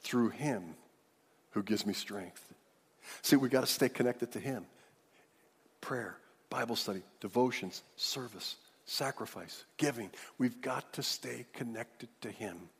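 A man's voice: mid-range voice, measured pace, a bit bright, slightly rough. A man pastor preaching an emphatic sermon, leading the congregation in call-and-response. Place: large church hall. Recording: reverberant church hall.

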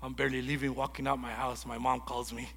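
A man preaching a sermon in a lively storytelling way, acting out conversations as he goes. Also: mid-range voice, fast, gravelly, big-room sound. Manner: animated storytelling, acts out dialogue. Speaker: guest preacher.

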